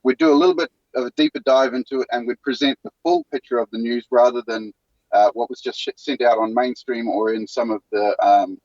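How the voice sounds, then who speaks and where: A man's voice: medium pitch, steady tone, a little mellow, no echo, muffled recording. A man with a New Zealand accent, a guest talking earnestly from a van. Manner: earnest, halting with restarts. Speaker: guest, news show co-host. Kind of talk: casual interview talk.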